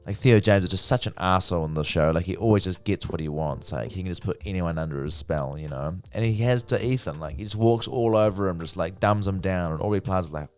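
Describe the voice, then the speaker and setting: A man's voice: deep voice, quick pace, hardly any pauses, clear, resonant tone, faint music behind. A young man casually reviewing a TV show, chatty and swearing freely. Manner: chatty, swears freely, acts out characters' lines. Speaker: TV review vlogger.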